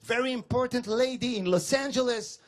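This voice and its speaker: A man's voice: very high-pitched, brisk. A man with a French accent doing stand-up comedy, telling self-deprecating stories in a wry way. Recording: noisy club recording.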